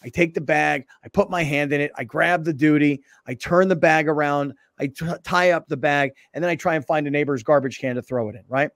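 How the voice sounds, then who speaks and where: A male radio and TV show host chatting casually in a studio and acting out stories with lively dialogue. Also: on the high side, fairly quick, hardly any pauses, no room sound. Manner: animated storyteller, acts out dialogue. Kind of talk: casual sports talk show chat. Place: broadcast studio. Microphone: studio microphone.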